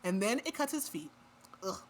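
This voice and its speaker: A woman's voice: medium pitch, very animated, moderate pace, a little hiss or hum. A woman recapping a book plot on a podcast in a casual, chatty way, with lots of "like" fillers. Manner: chatty retelling full of "like" fillers. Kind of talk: casual chat.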